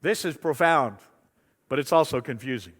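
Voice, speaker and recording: A man's voice: medium pitch, animated, normal speed, a bit bright, slightly rough, big-room sound. A man preaching a sermon in a church on a lapel mic, talking conversationally, often repeating words and acting out voices from the story. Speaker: pastor. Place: church sanctuary.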